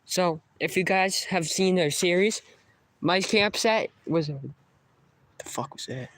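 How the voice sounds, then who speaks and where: A man's voice: high voice, unhurried, fairly bright tone, no room sound. A young man vlogging a live stream outdoors in the woods by the water, talking casually, swearing a lot and startled by sounds.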